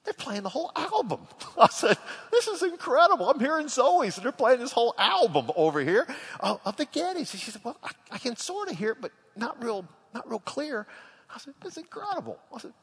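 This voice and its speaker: A husky-voiced male pastor preaches and tells stories with a very lively, high-reaching delivery. His voice rings with the long reverb of a large hall. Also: brisk. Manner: animated storyteller, laughs through the tale. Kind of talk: sermon with a funny personal story.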